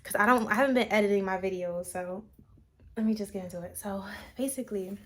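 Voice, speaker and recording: A woman with a mid-range voice talks quickly and casually to her vlog audience about spiritual matters. Her musings meander reflectively, full of fillers.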